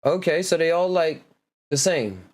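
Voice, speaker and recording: Podcast host, male, relaxed solo talk, slightly higher pitch. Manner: laid-back, laughs often, reads words out slowly. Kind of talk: casual solo chat reading etymology.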